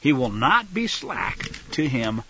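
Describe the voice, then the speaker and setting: A man teaching scripture in a sermon style, emphatic, swinging from loud stresses to quiet asides. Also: mid-range voice, very animated, slow pace, slight background noise. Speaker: Bible teacher. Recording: dull lo-fi recording, dry.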